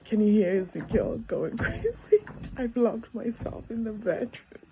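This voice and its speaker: Mom vlogger in her 30s, slow rambly storytelling, gravelly husky voice, lots of ums. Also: fairly high pitch, sing-song, very noisy. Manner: rambling with many fillers. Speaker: vlogger, mother. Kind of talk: casual storytelling. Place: bedroom.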